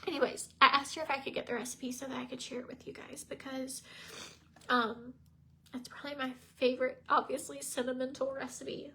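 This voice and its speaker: A woman's voice: high voice, little pitch movement, brisk, creaky, bright, forceful tone, a little hiss or hum. A woman, chatting casually on a livestream, tired and teary, rambling with many fillers and restarts. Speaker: makeup vlogger.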